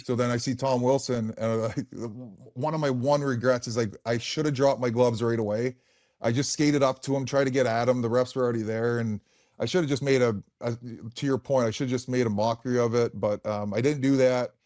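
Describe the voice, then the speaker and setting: A man's voice: medium pitch, steady tone, brisk, darkish tone, no echo, studio quality. A man in his forties, a former hockey player, telling stories on a podcast in a frank, rambling way full of fillers and swearing. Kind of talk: casual podcast storytelling.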